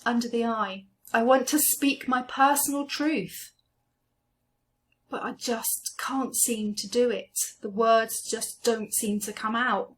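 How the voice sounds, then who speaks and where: A woman coaching a guided EFT tapping session, speaking slowly and gently as she names each tapping point. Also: a little high, steady tone. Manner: slow, gentle, soothing guidance.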